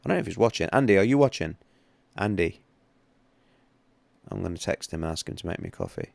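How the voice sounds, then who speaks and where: A man's voice: low voice, lively intonation, quick pace, creaky, no echo. A man hosting a casual livestream about trading, rambling and chatty with many restarts. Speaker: livestream host, trading analyst.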